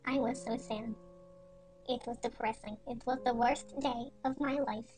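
A woman narrating a parody storytime in a quiet, deadpan, mock-serious way. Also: on the high side, measured pace. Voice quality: quiet, soft-spoken. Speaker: storytime animator. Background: faint music.

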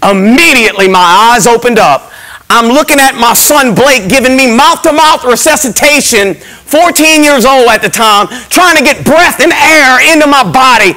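A middle-aged man, a pastor giving an impassioned testimony in a church service, moving from hushed emphasis to shouting. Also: extremely high pitch, animated, normal speed, low-quality recording.

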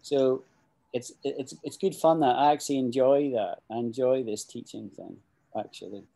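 A man's voice: medium pitch, normal speed, creaky, warm tone. A middle-aged man with a Scottish accent, teaching English in a chatty, rambling way with frequent restarts. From Scotland. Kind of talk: casual spoken English lesson.

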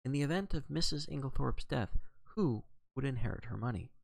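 A man voicing a fussy, excitable little Belgian detective in an audiobook reading, with dramatic exclamations. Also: medium pitch, fairly quick, creaky, dry recording, clean studio sound, voice pushed up. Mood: grave. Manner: dramatic, sprinkled with French exclamations.

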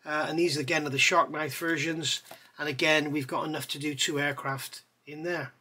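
A man reviewing scale model parts in a chatty way, pausing with fillers and correcting himself as he goes. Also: fairly high pitch, steady tone, sharp tone, slight background noise. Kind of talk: casual product review.

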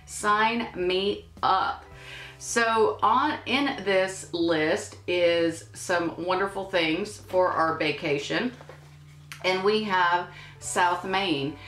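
A woman chatting casually through a makeup unboxing, with playful asides. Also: on the low side. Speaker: beauty vlogger. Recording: echoey room with soft music.

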